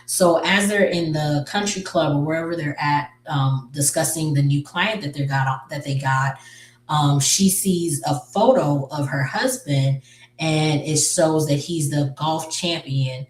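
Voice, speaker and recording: A woman's voice: low-pitched, a little slow. A woman casually retelling a movie's story, rambling with lots of fillers and self-corrections. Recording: roomy, distant mic.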